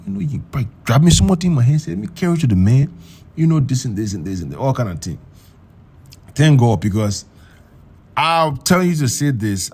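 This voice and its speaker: A young man telling a story in a casual, animated way, repeating words and acting out the voices of the people in it. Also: mid-range voice, fairly quick, long pauses, husky. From Liberia.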